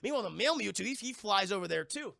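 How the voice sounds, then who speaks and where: A young male streamer recapping a monster movie to his live chat, swearing and laughing along the way. His voice sits high, bright and very gravelly. The recording is dry and close. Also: racing, dry recording. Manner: animated, profane, laughing storyteller.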